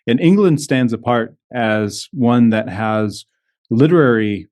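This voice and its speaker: A man's voice: medium pitch, animated, slow pace, darkish tone. A man co-hosting a casual history chat, thoughtful and scholarly, thinking aloud with hesitant restarts. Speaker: podcast co-host. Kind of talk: casual conversational discussion.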